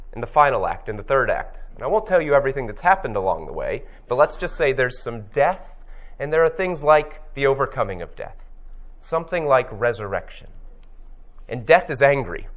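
Reflective male Bible teacher. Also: medium pitch. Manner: reflective, storytelling, slows to stress key phrases. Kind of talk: teaching talk on scripture.

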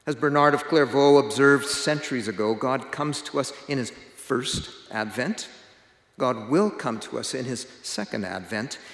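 Preacher in an echoey hall. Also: male voice, medium pitch, fairly bright tone. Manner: measured, emphatic delivery with dramatic pauses. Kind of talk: sermon. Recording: echoey hall with long reverb.

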